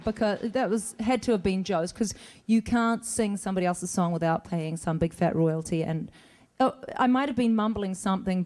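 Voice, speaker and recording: A middle-aged woman answering fan questions on a convention stage in a chatty, rambling way, laughing often. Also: mid-range voice. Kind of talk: casual stage Q&A. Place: convention stage before an audience.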